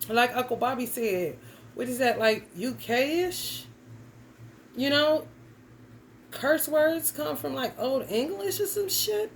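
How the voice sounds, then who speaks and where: A woman's voice: high-pitched, expressive, takes it slowly, slight background noise, low-quality recording. A young adult woman giving a casual tarot reading, talking bluntly and emphatically with plenty of cursing and slang. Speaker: tarot reader.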